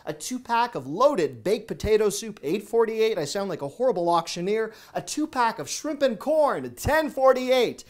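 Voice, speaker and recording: A man hosting a shopping video, narrating a scripted voice-over in a brisk, upbeat product rundown. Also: sits high. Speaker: shopping deals host.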